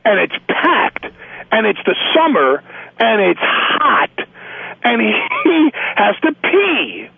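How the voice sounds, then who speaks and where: A man telling stories as a guest on a phone call, animated, with frequent stammered restarts. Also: high voice, slow, gravelly, husky, no room sound. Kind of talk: casual phone interview anecdote. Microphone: telephone. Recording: tinny phone line.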